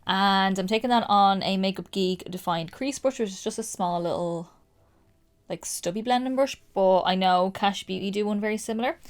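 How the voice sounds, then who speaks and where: Excitable woman with a Dublin accent. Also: mid-range voice. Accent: Dublin Irish. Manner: chatty and excitable, fillers like "like" and "um". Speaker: makeup creator. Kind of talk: casual makeup tutorial chat.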